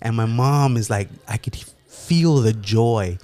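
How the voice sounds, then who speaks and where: A man from California telling a story in a casual, profane way, laughing often and slipping into lively impressions. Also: medium pitch, measured pace, no echo. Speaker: guest storyteller.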